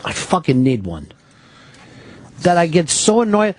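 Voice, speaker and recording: A man's voice: a little high, huge pitch swings, measured pace. Profane, heated male radio host. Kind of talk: angry on-air rant. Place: radio studio. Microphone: studio microphone.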